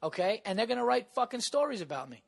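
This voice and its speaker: An excitable man from New York talks in a lively, bouncing voice that sits a bit high for a man. He pushes his point hard in casual podcast chat, swearing freely and talking over the other speaker. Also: quick pace, creaky. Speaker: podcast guest, comedian.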